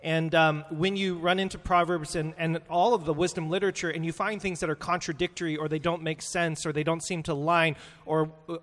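High-voiced man, echoey. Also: flat delivery, brisk, hardly any pauses, fairly bright tone. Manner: earnest, thinking aloud with fillers. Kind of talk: sermon recap in conversation.

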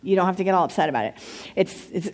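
A woman pastor giving a conversational sermon, chatty and candid, with quick asides and open enthusiasm. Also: on the low side, animated, darkish tone. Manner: enthusiastic when describing places.

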